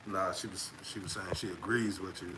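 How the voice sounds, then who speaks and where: A man hosting a live stream chat, relaxed, agreeing with his guest and summing up in plain terms. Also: low-pitched, fairly quick, very noisy.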